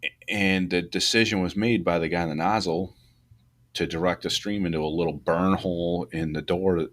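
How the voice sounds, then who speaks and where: Deep-voiced rambling firefighter man. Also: normal speed. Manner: loose and rambling, many restarts, rising pitch when animated. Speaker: podcast co-host, fire truck company boss. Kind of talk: casual shop talk about firefighting.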